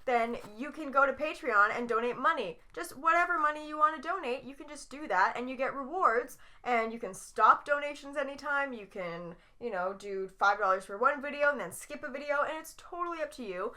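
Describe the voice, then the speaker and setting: A woman's voice: high voice, pushed and bright. A young woman co-hosting a podcast, chatty and joking in casual talk. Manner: chatty, joking, quick to laugh. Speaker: podcast co-host. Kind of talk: casual chat. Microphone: studio mic.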